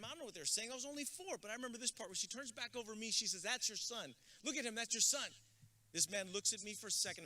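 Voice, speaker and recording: Bright-voiced man giving a rousing speech. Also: high-pitched. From San Antonio, Texas. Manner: rousing, builds to shouted calls to the crowd; storytelling with jokes. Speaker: graduation guest speaker. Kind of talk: motivational speech.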